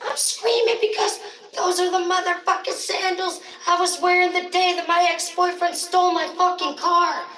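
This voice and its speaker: A woman's voice: very high voice, very animated, takes it slowly, bright, forceful tone, voice pushed up, full character voice. A woman putting on a drunk, furious woman who shrieks curses at the top of her lungs. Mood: screaming. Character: drunk screaming adult woman, furious and wild. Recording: roomy, distant from the mic.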